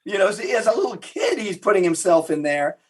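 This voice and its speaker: A man being interviewed as a historian, telling lively anecdotes with frequent restarts. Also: high-pitched, a little fast, slightly rough. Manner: animated anecdotal storytelling with repeated restarts. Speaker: guest historian. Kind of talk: storytelling interview answers.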